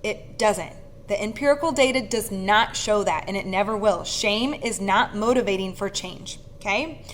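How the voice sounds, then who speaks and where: A woman who works as a speaker and leadership facilitator gives an earnest, casual coaching talk to camera. She speaks animatedly at a medium pitch, breaking into quick laughs now and then, with slight background noise.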